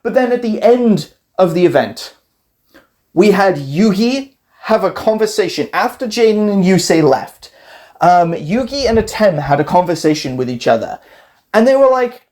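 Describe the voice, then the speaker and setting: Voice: medium pitch, big pitch swings, normal speed, a little mellow. A gaming creator casually retelling a card game story event, rambling animatedly, acting out scenes in quoted voices and laughing often.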